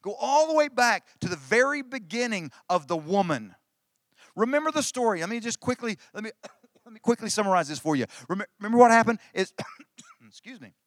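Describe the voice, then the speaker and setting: Pastor preaching in a dry close voice. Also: male voice, high voice, animated, brisk, no room sound. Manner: conversational preaching with repeated restarts and emphatic phrases. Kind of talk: sermon.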